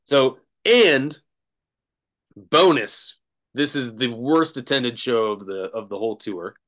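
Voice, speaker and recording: A man's voice: medium pitch, animated, slow pace, fairly bright tone. A man, a drummer as guest, telling a rambling story in casual chat, laughing and restarting often.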